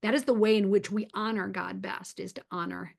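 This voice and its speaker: A woman's voice: mid-range voice, fairly even intonation, a little fast, gravelly. A woman hosting a faith-based advice chat, telling her story earnestly with many ums and restarts. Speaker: host.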